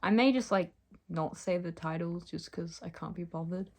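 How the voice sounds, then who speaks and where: A woman's voice: fairly low pitch, normal speed. A young woman reading aloud stories she wrote as a child, breaking off for giggly, self-mocking asides. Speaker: reader of her childhood stories.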